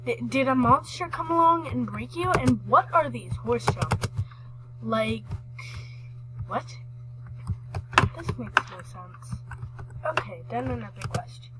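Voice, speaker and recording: A woman giving chatty, excitable commentary while playing a horse game, rambling and restarting her sentences. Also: fairly high pitch, slow, long pauses, very noisy. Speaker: gaming vlogger.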